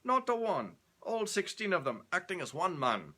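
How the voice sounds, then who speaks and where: Brief: jovial booming Scottish troop leader voiced by a man, bright, lively and loud. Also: normal speed, heavily acted. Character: hearty, boisterous Scottish soldier leader.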